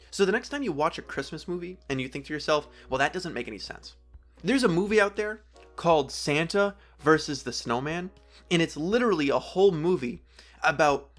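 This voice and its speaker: A young man with a fairly high voice hosts a solo podcast, riffing and rambling about films. He slips into silly voices to act out lines. Faint music hums underneath. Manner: animated, rambling, acts out quotes in silly voices. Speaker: podcast host. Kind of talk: casual solo podcast talk about movies.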